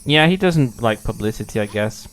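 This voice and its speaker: A man's voice: on the low side, lively intonation, moderate pace. A young man streaming a game, chatting casually, playful and swearing freely. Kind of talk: casual gameplay commentary.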